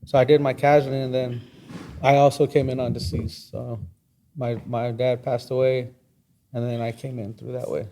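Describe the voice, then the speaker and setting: A man's voice: mid-range voice, flat delivery, normal speed, warm tone, a little hiss or hum. A young man, a longshoreman, plainly telling how he got into the work. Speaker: guest, longshoreman. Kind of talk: casual chat.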